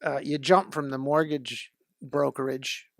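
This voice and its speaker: An older man asking probing questions in a casual interview. He stammers and repeats words when he rushes. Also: medium pitch, steady tone, gravelly, no room sound, studio quality.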